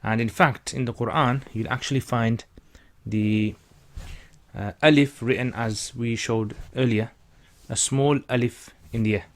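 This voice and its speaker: Slow, patient male reading teacher. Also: mid-range voice, steady tone. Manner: patient, repeats syllables and stretches vowels for learners. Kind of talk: slow step-by-step lesson.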